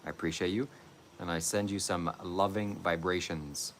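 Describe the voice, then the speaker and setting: Very deep-voiced man begging for donations. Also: fairly even intonation, slight background noise. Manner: slow, syrupy mock-spiritual pitch for donations. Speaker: comic guru on a livestream. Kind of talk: comedic livestream donation pitch.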